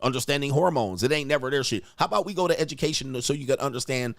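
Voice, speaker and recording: Talking very fast at a medium pitch, this man hosts a livestream and rants crudely, rambling on and constantly saying "all right" between points. The recording is studio quality, with no room sound.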